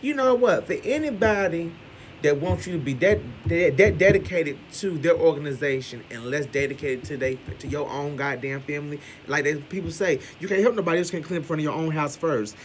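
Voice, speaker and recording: A man's voice: on the high side, fairly quick, slight background noise. Brash, profane man ranting in commentary. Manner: loud, brash, cursing, catchphrase "hello". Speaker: commentary vlogger.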